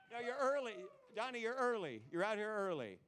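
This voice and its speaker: A man's voice: sits high, big pitch swings, brisk. A man performing a comedy magic act on a live stage, full of puns and self-mocking jokes. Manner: punning, self-mocking, jokey.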